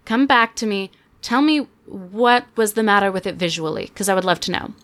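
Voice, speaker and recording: A young woman hosting a podcast, chatting casually and sarcastically about a movie with quick asides. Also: mid-range voice, expressive, a bit bright. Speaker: podcast host. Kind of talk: casual chat, movie review.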